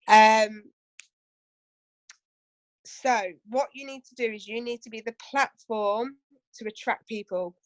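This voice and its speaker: A woman's voice: on the high side, a little slow, pauses often, no room sound. A woman running a casual training session for her team, chatty and full of asides and rhetorical questions.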